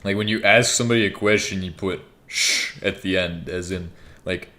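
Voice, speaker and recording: A man's voice: low-pitched, little pitch movement, normal speed, bright, forceful tone. A young man giving rambling, joking gameplay commentary, swearing freely. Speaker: gaming YouTuber.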